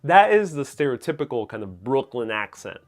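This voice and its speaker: A young man with a Nuyorican accent from Queens, answering viewer questions in a relaxed, rambling way with plenty of fillers. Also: mid-range voice, moderate pace. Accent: New York Puerto Rican, Queens. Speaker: host. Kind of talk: casual livestream Q&A.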